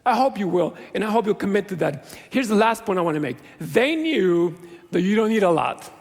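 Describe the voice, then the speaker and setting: With a high voice that makes big pitch swings, a middle-aged male pastor preaches briskly in a large church sanctuary. His sermon is earnest and conversational, laced with self-deprecating humor, and the hall adds a long reverb.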